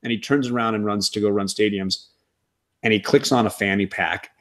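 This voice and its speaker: A man hosting a casual TV recap chat, talking in an animated, wry way with quick asides. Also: fairly low pitch. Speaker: podcast host.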